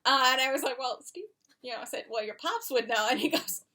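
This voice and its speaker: Bright-voiced, lively woman co-host. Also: high voice, fast talker. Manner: lively storyteller, laughs easily. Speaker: podcast co-host. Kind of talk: casual knitting chat.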